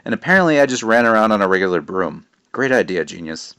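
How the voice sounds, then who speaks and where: A man voicing a sharp-tongued, sarcastic young princess in a storybook reading. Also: lowish voice, lively intonation, fast, clean tone, no echo, clean studio sound. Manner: sarcastic, bossy.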